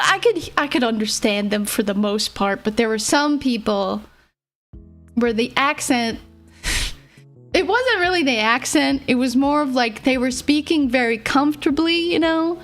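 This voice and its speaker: A woman's voice: sits high, a bit bright. A young woman streamer chatting casually, rambling and giggling, who mumbles a little. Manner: rambling, giggly, self-deprecating. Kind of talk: casual livestream chat. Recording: faint music behind.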